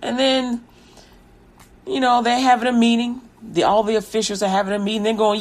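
A woman's voice: fairly high pitch, level tone, brisk. A woman teacher retelling a fairy tale in a playful, laughing, slangy way.

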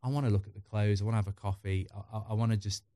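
A man's voice: lowish voice, fairly even intonation, very fast, dark tone, no echo. A middle-aged man chatting candidly as a podcast guest, rambling through personal stories. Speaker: podcast guest, football YouTuber. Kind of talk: casual chat.

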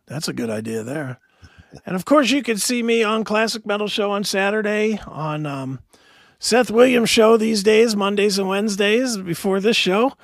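A male podcast host chatting casually, hoarse and joking, with a profane, laughing manner. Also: high-pitched, lively intonation, moderate pace, dry recording, studio quality. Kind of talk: casual chat.

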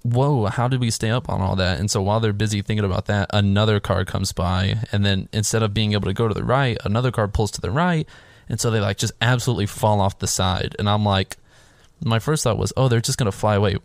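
Casual male co-host, lowish pitch, dry close sound, animated and profane storyteller. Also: fast, dry recording. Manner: animated storytelling, swears freely, acts out his own reactions. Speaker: podcast co-host recapping a film. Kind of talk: casual chat.

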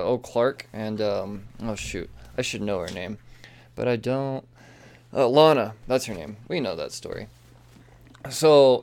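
A comic book reviewer rambles excitedly through a stack of comics, cursing freely and wandering into asides. His voice is smooth and clear, at an ordinary pitch for a man.

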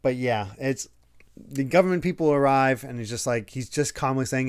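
A man hosting a podcast, chatting casually about a manga and jumping into quick voices when he retells scenes. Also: mid-range voice, smooth. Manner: chatty, often slips into quick quoted character voices. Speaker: podcast host. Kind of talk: casual chat recapping a manga.

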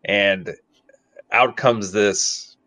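A man's voice: fairly low pitch, fairly even intonation, very slow, sharp tone, no echo. A man co-hosting a movie podcast, chatting casually with a wry, joking manner. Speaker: podcast co-host.

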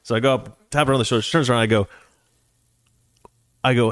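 A man's voice: medium pitch, brisk, no echo. A man telling a casual personal anecdote, acting out the voices of the people in it and chuckling along the way. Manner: animated, acts out quoted voices, chuckles while telling. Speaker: storyteller.

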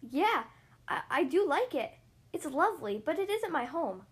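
A woman's voice: sits high, sing-song, moderate pace. Woman doing a shy prim tiny mermaid.

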